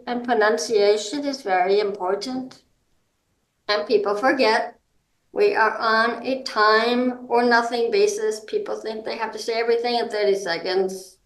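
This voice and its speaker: A woman speaking as a guest advocate, giving practical advice in an informal, halting way with many ums and restarts. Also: on the high side, a bit bright. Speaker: guest, hard of hearing and seniors advocate. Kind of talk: explanatory advice talk. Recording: roomy echo.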